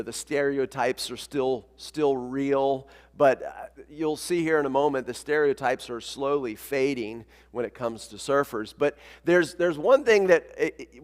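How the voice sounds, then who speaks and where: A man preaching a sermon as pastor, talking in a conversational, energetic way and calling on the congregation to join in. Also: medium pitch, long reverb tail. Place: church sanctuary.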